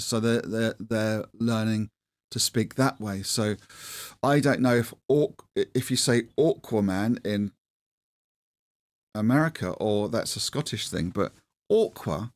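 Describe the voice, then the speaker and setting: A middle-aged Englishman with a lowish voice hosts a livestream, chatting casually in a rambling, self-deprecating manner and restarting often. The audio has no echo.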